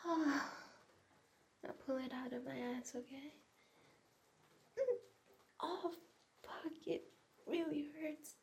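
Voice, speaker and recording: Young woman doing adult audio roleplay, high voice, gravelly edges, breathy whispers. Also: fairly even intonation, slow, pauses often, a little hiss or hum.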